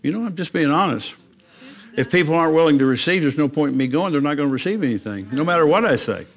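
A man's voice: lively intonation, quick pace. Plain-spoken older man telling a testimony. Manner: plain-spoken storytelling, acting out his own dialogue with rising pitch when emotional. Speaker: preacher giving testimony. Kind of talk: personal testimony in a church talk.

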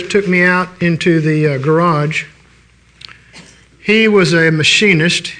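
A man's voice: high voice, sharp tone. An older man preaching a sermon in a folksy, conversational way, telling stories and restarting his sentences.

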